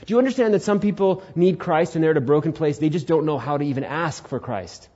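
Young male pastor in his twenties, warm dark tone, preaching with big swings in volume, slightly muffled recording. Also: a little high, fast, slightly rough. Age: 20s. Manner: animated storytelling, swings from loud to hushed. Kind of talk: sermon.

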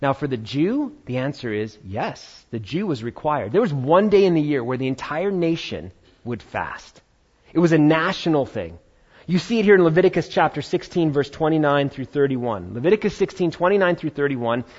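A man preaching a sermon, retelling a Bible story with lively acted-out voices. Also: a little high, moderate pace, breathy edge, dull audio. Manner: animated storytelling, acting out biblical voices. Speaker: pastor.

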